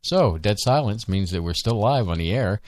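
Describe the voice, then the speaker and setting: A man's voice: on the low side, expressive, moderate pace, darkish tone, no echo, studio quality. A man co-hosting a live show, chatting casually, rambling with many ums and restarts. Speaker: podcast co-host. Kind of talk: casual live-stream chat.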